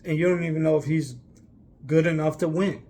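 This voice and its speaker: A man's voice: on the high side, a little fast, dark tone. A young man telling a long personal story in a casual, rambling way, emphatic and full of fillers. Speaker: vlogger.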